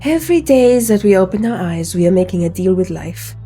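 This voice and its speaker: A woman's voice: medium pitch, animated, fairly quick, mellow, breathy edge, soft background music. Haughty cat with French accent, scornful, theatrical, woman doing it. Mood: solemn. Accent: put-on French.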